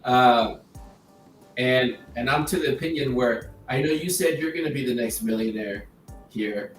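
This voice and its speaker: A man talking in an earnest, halting way, stumbling over the first words of his sentences. He sits well back from the mic in an echoey room, with soft music playing underneath. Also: medium pitch. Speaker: guest, group member. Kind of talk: casual chat. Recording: roomy sound from far off the mic.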